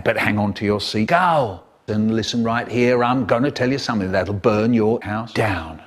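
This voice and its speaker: A man's voice: mid-range voice, lively intonation, normal speed, few pauses. A man performing comic poems and stories, theatrical and full of playful put-on voices. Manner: theatrical, with playful mock voices and exaggerated timing. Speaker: children's poet and storyteller.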